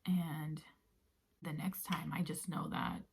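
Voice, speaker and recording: A woman vlogger casually telling a personal story, often sinking into a breathy near-whisper, with many fillers. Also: sits low, flat delivery, slow pace, a little mellow. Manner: conversational with many fillers like "you know".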